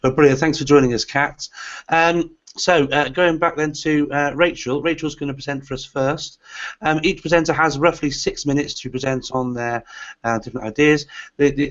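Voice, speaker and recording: A man hosting a live online webinar for teachers, introducing guests with many hesitant "uh" fillers. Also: mid-range voice. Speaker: host. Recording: lo-fi online call audio.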